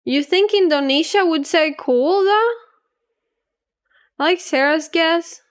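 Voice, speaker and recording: Woman streamer, high voice, slow easy chatter, giggly. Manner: chatty, giggly, reads aloud to chat. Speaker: livestreamer. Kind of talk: casual gaming stream chat.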